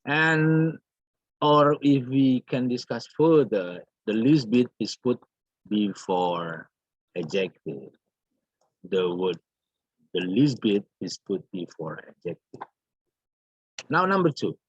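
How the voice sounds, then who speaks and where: Man teaching a grammar lesson, low voice, swooping pitch, dry close sound. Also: lively intonation, husky, dry recording. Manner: slow, repeats phrases, calls out "everybody" and "yeah". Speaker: English teacher. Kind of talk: recorded online grammar lesson. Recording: dull lo-fi recording.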